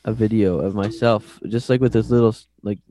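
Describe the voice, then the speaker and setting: A young man co-hosting a podcast, relaxed in casual chat and dropping wry asides. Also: lowish voice, fairly quick, no echo. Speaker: podcast co-host.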